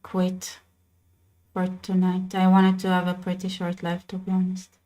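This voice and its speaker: A woman with an Israeli accent, a native Hebrew speaker, hosting a casual livestream chat and talking in quick bursts with many restarts. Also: on the low side, monotone, warm tone. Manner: chatty, many restarts and fillers. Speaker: channel host.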